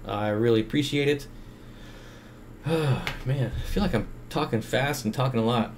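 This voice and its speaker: A man at his home computer hosts a relaxed livestream, talking to a desk microphone. His voice sits at an ordinary middle pitch, and he rambles with plenty of "uh"s and "um"s as he answers his chat. A faint hum of room noise stays under him. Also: normal speed. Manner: rambling, chatty, many fillers, reads chat aloud. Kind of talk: casual livestream Q&A.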